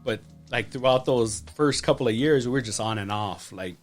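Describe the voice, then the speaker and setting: Man in his thirties, podcast guest, heartfelt testimony, halting with restarts, faint music underneath. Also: medium pitch. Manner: emotional, many restarts and "like". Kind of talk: personal testimony.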